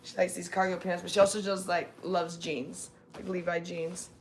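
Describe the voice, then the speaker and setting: A woman's voice: lowish voice, little pitch movement, normal speed, a little hiss or hum. A woman from California chatting casually on a live stream, rambling with many fillers and restarts. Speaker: livestream host.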